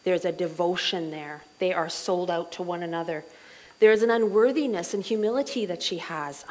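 A woman's voice: fairly low pitch, moderate pace, slight background noise, rough recording. Chatty middle-aged woman teaching Bible study. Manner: chatty, animated, with many asides and fillers.

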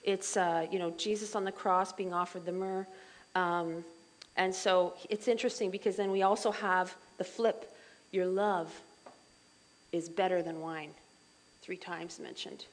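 A middle-aged woman leading a Bible study group in a chatty, animated way, full of asides and fillers. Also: on the low side, a little slow, rough recording.

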